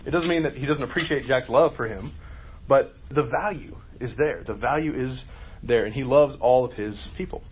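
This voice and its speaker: A man's voice: medium pitch, normal speed, slightly rough, muffled recording. A man leading a group Bible study, asking questions and explaining in a conversational, emphatic way.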